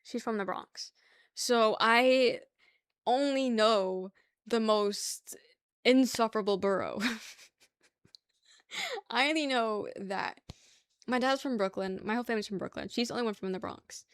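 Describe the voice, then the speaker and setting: A woman's voice: on the high side, unhurried, long pauses, clean tone, no echo, studio quality. A woman chatting casually with her live-stream chat, laughing often and arguing playfully. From New York.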